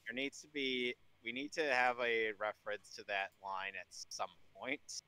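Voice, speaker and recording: A man's voice: medium pitch, unhurried, pushed and bright, clean tone, dry recording. A man co-hosting a comedy podcast, playful and goofy in casual banter. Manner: playful, goofy, breaks into song. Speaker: podcast co-host. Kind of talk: casual chat with jokes.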